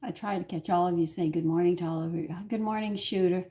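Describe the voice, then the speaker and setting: A woman's voice: on the low side, fairly even intonation, fast talker, dark tone. A woman in her sixties hosting a home cooking stream from her kitchen, chatting in a rambling, opinionated way while greeting viewers. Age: 60s. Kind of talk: casual chat while cooking.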